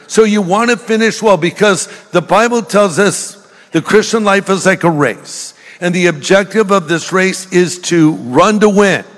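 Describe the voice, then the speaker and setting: A man's voice: a little high, a bit bright. An older man preaching a sermon, folksy and joking as he tells stories. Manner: folksy storytelling with jokes. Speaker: pastor. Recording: reverberant hall.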